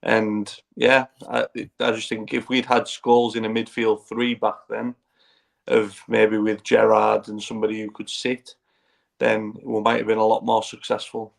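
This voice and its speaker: Flat, gravelly English football pundit. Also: male voice, on the low side. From England. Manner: measured, reflective. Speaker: podcast panelist. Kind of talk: casual football chat.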